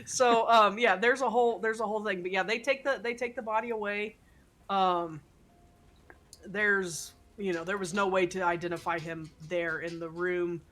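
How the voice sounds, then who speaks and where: A woman runs a tabletop horror game in a bright, forceful voice. She rambles and restarts often, with plenty of fillers as she narrates. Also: mid-range voice, steady tone, normal speed. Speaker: game master.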